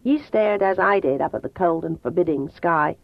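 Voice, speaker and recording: A woman narrating a novel aloud in the first person, measured and brooding. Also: on the low side, creaky, no echo. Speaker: audiobook narrator. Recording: tinny phone-like dry sound.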